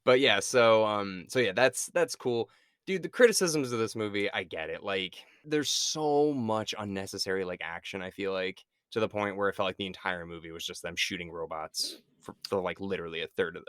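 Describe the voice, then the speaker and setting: A man co-hosting a podcast, chatting casually about movies, animated, acting out quotes and swearing casually. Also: lowish voice, fairly quick, clear, resonant tone, no echo, studio quality. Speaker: podcast co-host.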